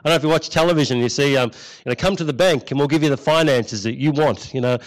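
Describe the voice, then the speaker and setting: A man's voice: medium pitch, quick pace, poor audio. A middle-aged man preaching a sermon in a conversational way, often repeating key phrases for emphasis.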